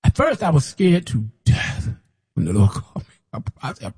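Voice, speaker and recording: A man preaching as a prophet in an impassioned sermon, repeating himself and rising to shouts when mocking others. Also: mid-range voice, wildly swooping pitch, moderate pace, slightly rough. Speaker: self-styled prophet preacher.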